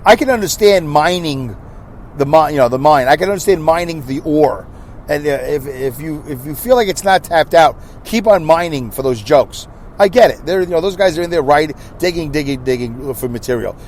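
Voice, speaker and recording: A man's voice: fairly high pitch, darkish tone, a little hiss or hum. A middle-aged American man hosting a casual solo podcast, rambling through his thoughts with asides and restarts. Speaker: podcast host.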